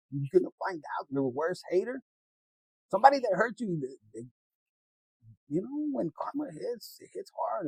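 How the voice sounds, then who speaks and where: A man's voice: a little high, husky, no echo, rough recording. A man giving a rambling, casual tarot reading, laughing often, swearing freely and slipping into Spanish. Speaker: tarot reader.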